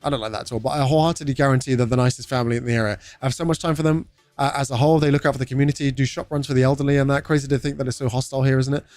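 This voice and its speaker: A man's voice: mid-range voice, fairly even intonation, very fast, a little mellow, no room sound, faint music behind. Chatty British man streaming live. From United Kingdom. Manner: chatty, swears, greets viewers by name. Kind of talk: casual live-stream chat.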